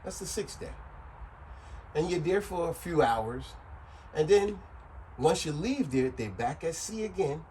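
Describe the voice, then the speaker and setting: A man explaining things in a casual, joking way, circling back and repeating himself. His voice swings widely in pitch and sits a little high, and it sounds animated. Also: moderate pace, slight background noise, rough recording. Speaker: vlogger.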